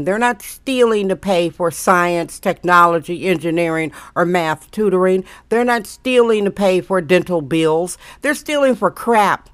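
A woman's voice: medium pitch, no room sound, clean studio sound. A middle-aged woman hosting her daily show, talking in a blunt, ranting, casual monologue with sarcastic asides.

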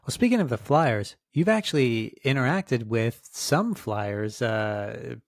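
A male podcast host with a gravelly, creaky voice at a middle pitch puts a question to his guest. He speaks slowly and hesitates with fillers, and he sounds a little farther from the mic. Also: expressive, dry recording, studio quality. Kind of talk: interview questions.

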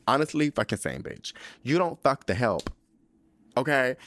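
A young man with a fairly low voice dishes on a TV episode like he's gossiping with a friend, sassy and profane. His delivery is animated and full of attitude. The sound is dry and close, with almost no room around him. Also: moderate pace, no echo. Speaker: podcast host recapping a TV episode. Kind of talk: casual recap monologue.

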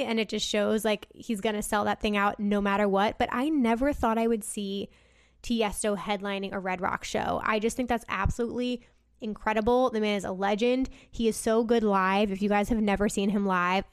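A woman's voice: fairly high pitch, smooth, dry recording, studio quality. A young woman hosting her own podcast, chatting casually and enthusiastically with frequent fillers. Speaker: podcast host. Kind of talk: casual solo podcast chat.

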